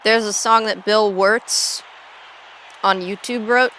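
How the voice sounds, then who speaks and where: Bright-voiced young woman rambling on stream. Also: medium pitch, fairly even intonation, takes it slowly, slight background noise. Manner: rambling, jokey, swears freely. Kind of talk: casual gaming livestream chat.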